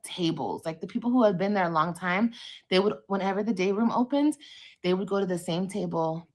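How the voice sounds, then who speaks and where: A woman hosting a livestream podcast, telling a story casually, with plenty of profanity, and acting out the things other people said. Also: lowish voice. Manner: animated, profane, acts out quotes.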